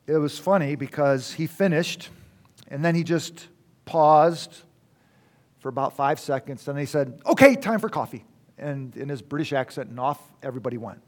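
A man with a slightly raised pitch tells a personal story to an audience. He speaks reflectively and often stops to restart a phrase before going on.

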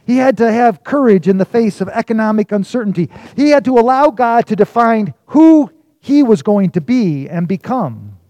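A man preaching a sermon, telling a story and swinging from loud emphasis to hushed, quiet lines. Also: high-pitched, lively intonation, moderate pace, few pauses, dry recording. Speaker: pastor.

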